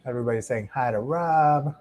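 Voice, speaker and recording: A man hosting a casual live stream about his shrimp tanks, talking into a lapel mic in a home fish room in a relaxed, chatty way with plenty of fillers and restarts. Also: medium pitch, brisk, low-quality recording. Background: faint hum of aquarium tanks.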